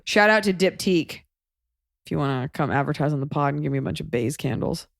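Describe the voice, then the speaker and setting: Woman from texas chatting on a podcast, lowish voice, jumps up high for quotes, dry sound. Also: expressive, fast talker, creaky, no room sound. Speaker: podcast host. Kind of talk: casual chat.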